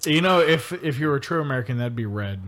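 A man's voice: mid-range voice, lively intonation, fast, a bit bright. A man co-hosting a gaming podcast, joking and teasing the others. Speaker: podcast co-host. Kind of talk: casual gaming podcast chat.

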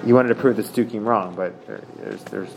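A man in a casual Talmud study session, talking haltingly with many restarts as he reads passages aloud and paraphrases them. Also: on the low side, background noise.

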